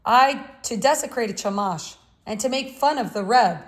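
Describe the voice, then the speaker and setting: A woman reading the part of a gentle, anxious mother who speaks softly. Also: on the high side, expressive, moderate pace, natural voice. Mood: pleading. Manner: soft, pleading.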